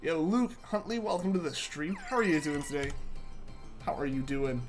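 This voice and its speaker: A man's voice: on the high side, animated, moderate pace, over music. A young man hosting a live game stream, chatting casually with viewers and often repeating himself, his voice congested as he gets over a sore throat. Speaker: livestream host. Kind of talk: casual live-stream chat while gaming.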